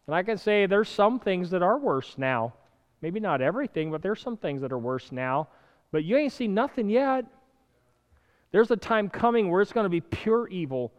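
Male preacher, lively sermon delivery, loud bursts and soft asides, smooth voice, hall echo. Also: sits high, normal speed. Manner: animated, swinging between loud urgent bursts and quiet asides, chuckling.

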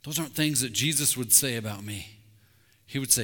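A middle-aged man preaching a sermon in a church sanctuary, his voice bright and forceful. He is candid and intense, confessing his own failings and then dropping to a hush on key words. A long hall reverb trails each phrase. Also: mid-range voice, brisk. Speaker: pastor.

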